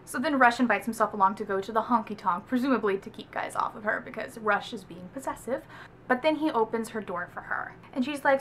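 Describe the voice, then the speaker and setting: A woman's voice: on the high side, brisk, slight background noise. A woman from the American South giving a casual, chatty book review vlog, with lots of "like" fillers. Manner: chatty, animated, heavy use of "like".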